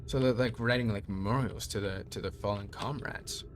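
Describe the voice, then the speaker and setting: A young man playing a game blind, thinking aloud and reading its lore text in a measured voice. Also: fairly low pitch, faint music behind. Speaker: let's play streamer.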